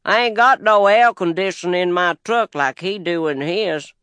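A man with a Southern US accent narrates a first-person audiobook story, plainspoken and wry, never hurrying. His voice is high-pitched with a sharp, smooth tone, recorded close on a studio mic with no echo.

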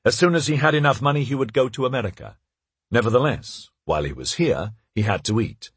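A male audiobook narrator tells the story with a husky edge to his voice. His pitch moves expressively through each sentence, and he shifts only lightly for the characters' quoted lines. The recording is dry and close, with no room sound. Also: animated, a little fast, no room sound. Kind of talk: scripted narration.

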